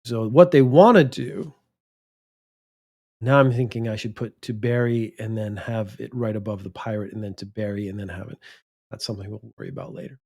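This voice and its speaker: Slow, deliberate male English teacher. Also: fairly low pitch, darkish tone, slightly rough. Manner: slow and deliberate, stretches words out and stresses key words. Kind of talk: vocabulary lesson, thinking aloud.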